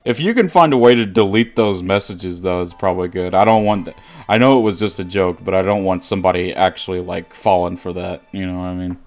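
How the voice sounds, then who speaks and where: A man's voice: low-pitched, fairly quick. A man streaming a game live, joking and laughing with his chat as he plays. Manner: jokey, laughs often, talks to chat. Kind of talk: live gameplay commentary chatting with viewers.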